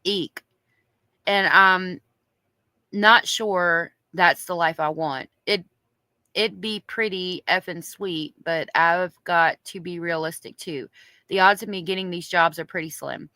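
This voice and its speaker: Fairly low in pitch, this woman speaks slowly in a pushed, bright voice, and the recording is dry. She has a strong Southern accent and reads diary entries aloud on a true crime live stream, chatting with viewers in between. She's chatty, reading the diary and reacting to the chat.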